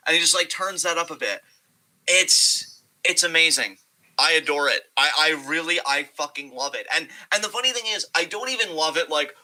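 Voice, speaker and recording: A young man co-hosting a wrestling podcast, talking casually and profanely and slipping into quick impressions of wrestlers. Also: on the high side, animated, pushed and bright, low-quality recording. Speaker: podcast co-host.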